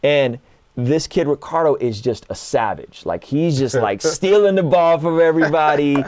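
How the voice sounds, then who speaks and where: A man in his thirties, a guest in a casual conversation, telling stories in an animated way and acting out what others said. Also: on the high side, moderate pace. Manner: animated storyteller, acts out quotes.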